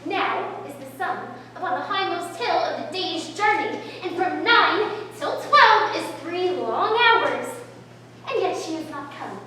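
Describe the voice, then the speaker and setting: A woman's voice: very high-pitched, pushed and bright, a little hiss or hum, exaggerated voice. Woman doing an impatient, pleading young lover, live stage play, heard from afar over faint ambience. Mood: longing. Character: impatient young girl in love, eager and pleading. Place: outdoor stage. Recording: distant echoey stage recording, faint ambience.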